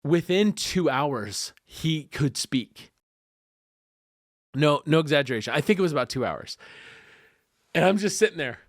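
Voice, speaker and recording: A man's voice: a little high, a little slow, long pauses, no echo. Man telling a story, dry close sound. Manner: animated, acts out the voices of people in his story. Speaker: guest. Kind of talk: storytelling in a casual podcast chat.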